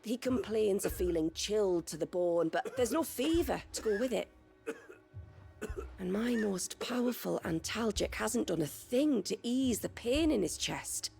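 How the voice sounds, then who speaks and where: A woman's voice: mid-range voice, expressive, measured pace, vocal fry, a little mellow. An actress playing a caring village healer who earnestly explains her patient's illness in video game dialogue. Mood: concerned.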